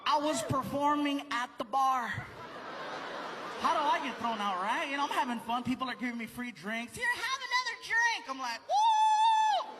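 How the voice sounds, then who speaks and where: A man telling a rowdy, animated stand-up comedy story. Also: extremely high pitch, normal speed, very noisy.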